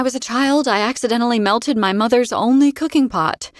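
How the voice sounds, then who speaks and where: A woman narrating a first-person fantasy audiobook in a wry, expressive way. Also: on the high side, normal speed, few pauses, no echo, studio quality.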